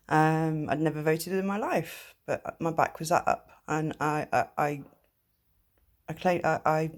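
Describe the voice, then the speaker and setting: Woman, a bit low-pitched, personal vlog to one person, halting, lots of ums, blunt, swears. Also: a little mellow, breathy edge. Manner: halting, with many ums and restarts. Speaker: vlogger.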